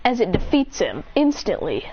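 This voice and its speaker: A woman's voice: mid-range voice, wildly swooping pitch, normal speed. A woman eagerly retelling a battle story in rambling casual narration, chaining events together. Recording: dull, lo-fi home recording with faint noise.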